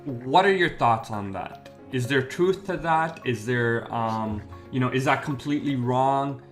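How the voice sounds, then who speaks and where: A man who works as a wedding MC and magician, hosting a casual interview and talking in an animated, rambling way with restarts. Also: medium pitch, unhurried, soft background music.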